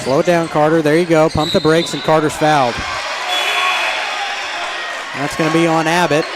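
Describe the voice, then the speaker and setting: Man, play-by-play caller for a local basketball stream, a touch high-pitched, excitable, over a loud gym crowd. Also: very noisy. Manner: quick, excited calls that jump up in pitch. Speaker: play-by-play announcer. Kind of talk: live basketball commentary. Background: basketball crowd and bouncing balls.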